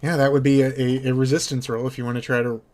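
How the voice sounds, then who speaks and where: A man's voice: medium pitch, little pitch movement, quick pace, darkish tone. A man narrating as game master of a tabletop game, often restarting his phrases as he voices the characters.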